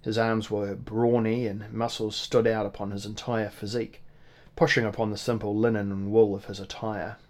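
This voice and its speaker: A man reading a first-person novel aloud in a measured, formal manner. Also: lowish voice, flat delivery, darkish tone. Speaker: audiobook narrator. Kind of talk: scripted first-person narration.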